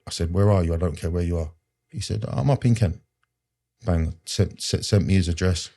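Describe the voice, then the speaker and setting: Deep-voiced man telling his story. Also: moderate pace, vocal fry, warm tone. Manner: earnest, rambling, street slang, frequent fillers. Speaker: podcast guest. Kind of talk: personal story in conversation.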